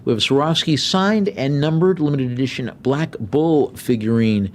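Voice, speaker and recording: A middle-aged man working as an auctioneer, calling bids briskly with joking asides. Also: medium pitch, a little hiss or hum.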